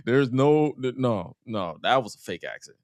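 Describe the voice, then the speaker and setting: A man's voice: mid-range voice, moderate pace, dry recording, studio quality. A man with a Southern US accent co-hosting a casual wrestling podcast, telling stories and laughing often. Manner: laughs often, animated storytelling. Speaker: podcast co-host.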